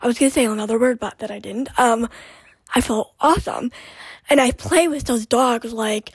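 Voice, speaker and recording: Young female podcast host, chatty and rambling, husky high voice, dry close sound. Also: moderate pace, no room sound. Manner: rambling, chatty, with many fillers and restarts. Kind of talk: casual chat.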